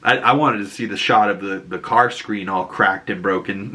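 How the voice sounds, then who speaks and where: A man with a Boston accent talks through a TV episode in a loose, rambling recap. His voice is bright and forward, and he laughs often as he retells scenes. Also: fairly low pitch, moderate pace. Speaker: TV recap YouTuber. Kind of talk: casual episode breakdown.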